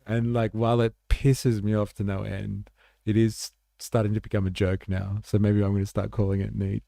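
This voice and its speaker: A man's voice: on the low side, level tone, normal speed, creaky, warm tone, no room sound, studio quality. A man hosting a livestream, reacting to chat in a laid-back, rambling way with swearing and fillers. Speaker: livestream host.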